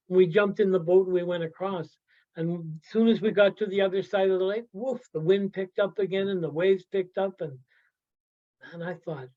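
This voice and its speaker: A man from the Yukon telling personal stories in a halting way, often asking "right?" and adding "you know" as he goes. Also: high-pitched, a little mellow. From Yukon, Canada. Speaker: workshop storyteller. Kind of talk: personal storytelling talk. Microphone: video call. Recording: slightly dull video-call audio.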